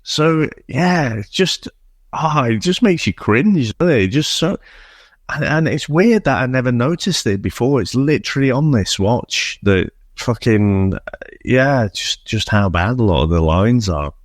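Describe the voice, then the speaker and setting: A man with a St Helens accent carrying a Liverpool twang chats wryly about a film on a podcast, swearing freely. His pitch moves a lot through each line, and the recording is close and dry. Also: animated, unhurried, dry recording. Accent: St Helens, Liverpool-leaning. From St Helens, England. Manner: wry, sweary, laughs easily. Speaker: podcast co-host. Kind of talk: casual film review chat.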